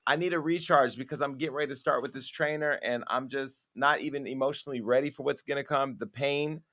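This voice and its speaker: A man's voice: mid-range voice, fairly even intonation, quick pace, bright, forceful tone. A man hosting a talk show, speaking bluntly and joking in casual chat with his co-hosts. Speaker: host.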